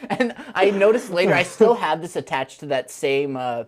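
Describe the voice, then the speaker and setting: A young woman co-hosting a casual chat, telling her side of a story with frequent giggles and lively emphasis. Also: low voice, normal speed, slight background noise. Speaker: show co-host.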